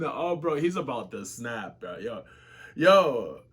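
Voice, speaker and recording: A man giving casual, excitable, slang-filled reaction commentary as a webtoon reactor. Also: medium pitch, slow pace, slightly rough.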